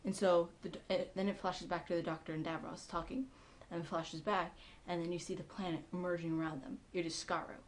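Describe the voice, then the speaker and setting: A woman with a somewhat low-pitched voice talks through a TV episode in a casual, excitable recap. She is chatty and fills her sentences with ums and likes as she goes. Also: fairly quick, hardly any pauses. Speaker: TV episode reviewer.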